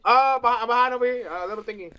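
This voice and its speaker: A man chatting while gaming as a hired companion, making excitable, shrieking callouts. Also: very high-pitched, fast talker, dull audio, a crowd in the background. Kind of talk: casual gaming chat.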